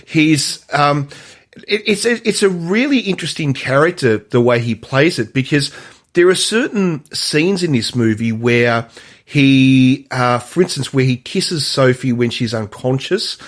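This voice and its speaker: A man co-hosting a movie podcast in casual conversation, often pausing and restarting his sentences. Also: mid-range voice, lively intonation. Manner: halting, many restarts and fillers. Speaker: podcast co-host. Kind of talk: casual movie review chat.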